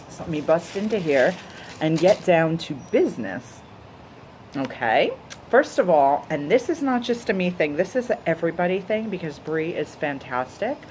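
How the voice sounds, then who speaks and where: A woman's voice: low-pitched, a little mellow, slight background noise, rough recording. A woman vlogger, chatty and gushing, unboxing and reviewing jewelry to a camera. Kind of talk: casual unboxing chat.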